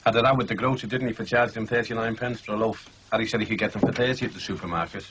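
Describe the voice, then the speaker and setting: Guy playing a fast-talking scouse dad, jokey, dull noisy old tv sound. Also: on the low side, fairly even intonation, lightly acted. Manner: brisk, bantering. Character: chatty working-class husband and dad.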